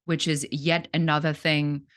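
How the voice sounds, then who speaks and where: A woman business coach in middle age delivers a direct sales talk to camera. Her voice sits a little low, and she is blunt and earnest. She often stops and restarts her sentences. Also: flat delivery, a little slow.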